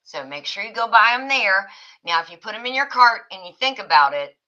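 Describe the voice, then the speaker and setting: A woman's voice: medium pitch, animated, fairly quick, sharp tone, dull audio. A woman hosting a casual livestream chat, reading viewer comments aloud and laughing often. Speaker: livestream host.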